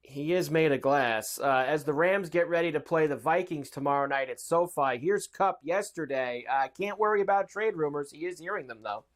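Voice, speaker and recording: An upbeat man hosts a sports betting talk show, running through trade news and point spreads. His voice sits a little on the high side, and he fills the gaps with "uh". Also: normal speed, hardly any pauses. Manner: upbeat, reads odds and news, many uh fillers.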